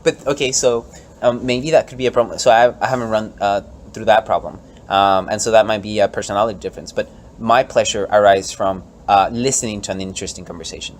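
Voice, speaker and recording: A man hosting a casual podcast debate, animated and hesitant, often swearing and restarting. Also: lowish voice, fast talker, a little hiss or hum. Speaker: podcast host.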